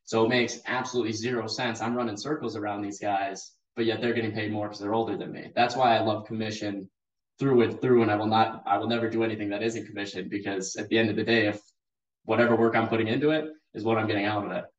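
A man's voice: on the low side, fairly even intonation, fast talker. A man in his twenties, a podcast guest, speaking earnestly and emphatically about his own experience. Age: 20s. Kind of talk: casual conversational interview. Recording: distant, roomy and muffled remote audio.

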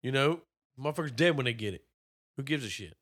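A young man co-hosting a casual, profane movie-review chat, animated and swearing freely. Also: medium pitch, fast talker. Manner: animated, swearing, mimics characters in quotes. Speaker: podcast co-host.

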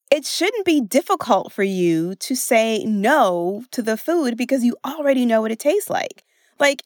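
An American woman hosting a solo podcast as a weight-loss coach, chatty and expressive, often laughing as she talks. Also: a little high, no room sound, studio quality.

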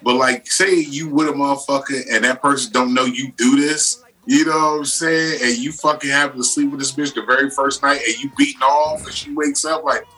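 A man co-hosting a podcast, talking in a crude, animated, casual way. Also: mid-range voice, a little fast, few pauses, far from the mic, rough recording. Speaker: podcast co-host. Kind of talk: casual chat.

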